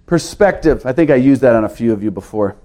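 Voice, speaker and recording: A man preaching a sermon to his congregation, earnest, with his pitch rising and dropping for emphasis. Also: rapid-fire, warm tone. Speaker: pastor.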